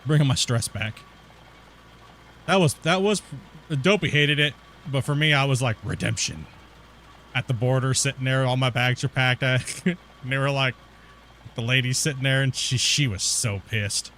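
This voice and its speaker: A man's voice: mid-range voice, normal speed, a bit bright, a little hiss or hum. A man streaming a game and telling a story in a rambling, slangy way, calling people dude and bro. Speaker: gaming streamer. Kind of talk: casual storytelling while gaming.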